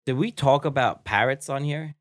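A podcast co-host in casual chat, telling stories in an excitable rush and jumping into high-pitched mimicry. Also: normal speed, dry recording, clean studio sound.

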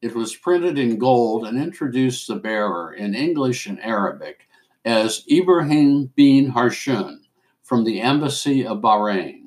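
A man reads a story aloud at an unhurried pace. His voice sits in a middle pitch, and he reads deliberately. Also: lively intonation, darkish tone. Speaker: host and story reader.

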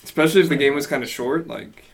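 A man's voice: a little high, quick pace. A man co-hosting a casual chat, rambling and full of fillers. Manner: rambling, full of "like" and "you know".

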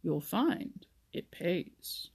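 A gentle, wise old frog who gives advice in a mild, unhurried way, as a woman reading a storybook puts him on. The voice is breathy and gravelly with a slow pace. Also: fairly low pitch, sing-song, heavily acted.

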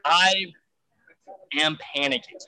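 Frantic storytelling man, bright voice. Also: fairly high pitch, takes it slowly, poor audio. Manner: animated, frantic retelling with swearing and fillers. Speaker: guest storyteller. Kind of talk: casual anecdote telling.

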